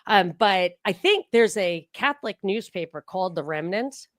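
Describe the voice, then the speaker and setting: A middle-aged woman hosts a casual interview and tells stories animatedly, with plenty of "like" fillers. Her voice sits at a middle pitch for a woman and sounds dry and close, with no room around it. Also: moderate pace, no room sound. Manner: animated storytelling with many "like" fillers. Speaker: podcast host.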